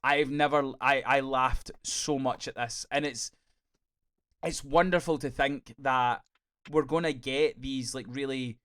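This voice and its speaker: A man's voice: medium pitch, fairly even intonation, unhurried, a bit bright, clear, resonant tone. A man co-hosting a podcast, gushing over a TV episode in casual chat, swearing freely and acting out scenes. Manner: enthusiastic, swears freely, acts out scenes in quoted voices. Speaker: podcast co-host.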